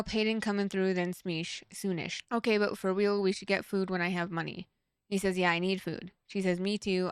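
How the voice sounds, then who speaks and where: A young woman hosting a true crime reaction video, reading text messages aloud in a flat run and breaking off for blunt, profane asides. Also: fairly low pitch, clear, resonant tone, dry recording, studio quality. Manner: reads texts flatly, blunt asides with swearing. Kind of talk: casual reading and commentary.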